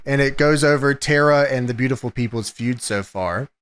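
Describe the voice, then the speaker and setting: A man's voice: mid-range voice, moderate pace, a bit bright, smooth. A man co-hosting a podcast in casual chat about wrestling, swearing freely and ranting jokingly in character. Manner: profane, joking rants in character. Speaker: podcast co-host.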